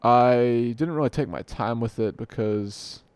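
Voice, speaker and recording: A man's voice: medium pitch, a little slow, a little mellow, clear, resonant tone, no room sound. Rambling young man hosting a podcast. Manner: rambling, self-correcting, joking at himself. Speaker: podcast host. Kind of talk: unscripted solo podcast talk. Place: home room at night, dim light. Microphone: desk mic.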